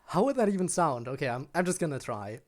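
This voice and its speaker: This is casual live-stream chatter during a game: a streamer talks with viewers late at night, sounding tired, self-conscious, and prone to frequent giggles. The delivery is brisk and very animated in a mid-range voice.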